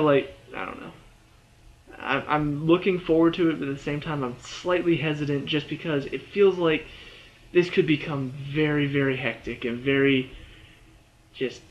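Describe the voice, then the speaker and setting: Man, casual TV episode review, rambling, slightly high voice, muffled lo-fi audio. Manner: rambling, lots of "you know" and "like".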